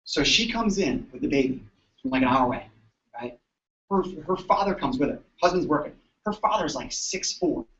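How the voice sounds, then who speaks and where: Male chiropractor, fairly high voice, animated storyteller, recorded from across an echoey room on a dull mic. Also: normal speed, distant mic. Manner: animated, chatty, keeps asking "right?". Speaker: chiropractor presenting to colleagues. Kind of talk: storytelling talk to an audience.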